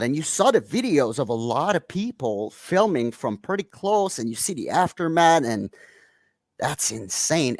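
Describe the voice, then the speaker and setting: A man's voice: medium pitch, no echo. A Canadian man hosting a podcast from home, chatting casually, rambling and laughing often while reading out chat comments. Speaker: podcast host. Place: home room.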